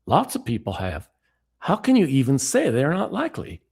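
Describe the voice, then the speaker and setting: A man's voice: medium pitch, huge pitch swings, normal speed, vocal fry, darkish tone, husky, pitched above the performer's own voice, exaggerated voice. A man voicing an earnest, insistent Southern man who believes in ghosts, with a put-on Southern US accent.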